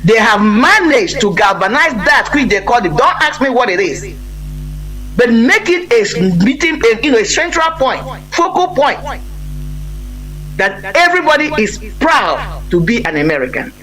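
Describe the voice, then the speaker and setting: A man's voice: very high-pitched, very animated, moderate pace, pushed and bright, soft background music, rough recording. A man, speaking as a guest on a live broadcast in an earnest, emphatic way, often breaking off and restarting his sentences. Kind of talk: impassioned conversational talk.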